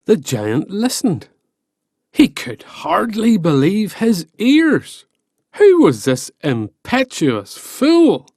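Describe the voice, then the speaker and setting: Slow, playful storyteller man. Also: sits high, no room sound, clean studio sound. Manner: playful, expressive storytelling with asides. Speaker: narrator. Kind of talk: storybook narration.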